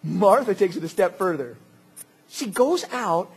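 A man preaching a sermon as pastor, animated and jokey, swinging between loud outbursts and quiet asides. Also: high-pitched, measured pace, husky.

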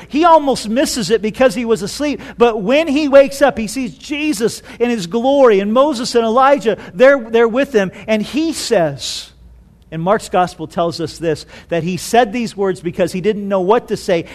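A man preaching a sermon, telling stories with animated delivery and rhetorical questions. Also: high voice, moderate pace. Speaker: pastor.

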